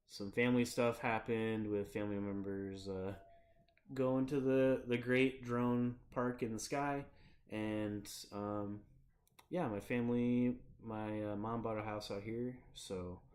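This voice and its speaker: A young man from Michigan chatting casually on his livestream, rambling through stories and laughing often. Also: lowish voice. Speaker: streamer.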